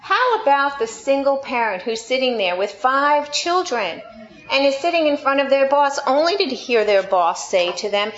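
A woman's voice: sits high, sing-song, moderate pace. Sarcastic New Yorker woman preaching. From New York. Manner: storytelling with playful sarcasm. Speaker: pastor. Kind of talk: sermon. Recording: echoey room, slightly dull sound.

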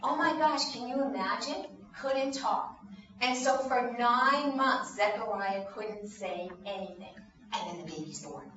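A woman's voice: on the high side, unhurried, a bit bright. A woman in her fifties teaching a children's Bible lesson. She tells the story with animation and keeps asking the children questions. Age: 50s. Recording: echoey room, distant dull mic, noisy.

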